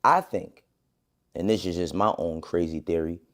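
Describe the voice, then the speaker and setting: A man in a played clip, talking casually in a relaxed, slangy, conversational way. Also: low voice, normal speed.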